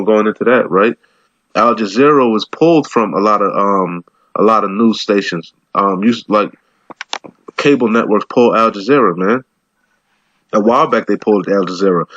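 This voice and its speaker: A man reads scripture aloud and riffs on it in a loose, slangy, rambling way. His voice sits fairly low. The sound is dry and a little muffled. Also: fairly bright tone, no room sound. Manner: streetwise, slangy, rambling, says "man" a lot. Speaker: bible teacher. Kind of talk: casual scripture commentary.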